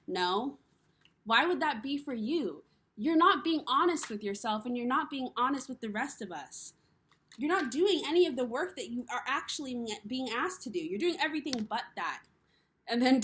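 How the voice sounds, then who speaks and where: A woman's voice: on the high side, a bit bright. A woman vlogger speaking straight to the camera in an impassioned, frustrated rant. She is blunt, swears, and repeats phrases for emphasis. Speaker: spiritual vlogger.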